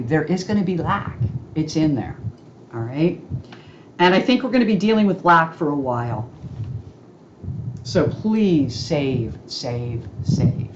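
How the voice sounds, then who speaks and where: A woman's voice: deep voice, highs cut off, slight background noise. A woman giving an informal astrology talk, chatty and checking in with listeners by asking "okay?" as she goes.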